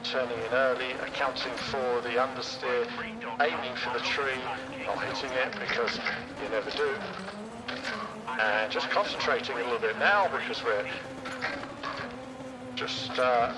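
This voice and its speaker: A man streaming a rally game, calmly talking through each corner as he drives. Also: mid-range voice, a little slow, pauses often. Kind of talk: driving commentary. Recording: loud rally car engine noise.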